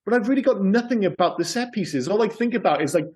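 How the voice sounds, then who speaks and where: A man in casual podcast chat with a voice pitched a little above the usual. He sounds enthusiastic and rambles eagerly, stacking asides as he goes. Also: expressive, fast talker, darkish tone. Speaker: podcast co-host.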